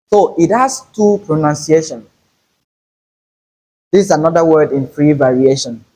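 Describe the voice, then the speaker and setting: A man teaching English pronunciation, saying each word slowly and more than once. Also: fairly high pitch, a little mellow, slightly rough, low-quality recording. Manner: slow, deliberate, repeats each word carefully. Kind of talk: pronunciation lesson.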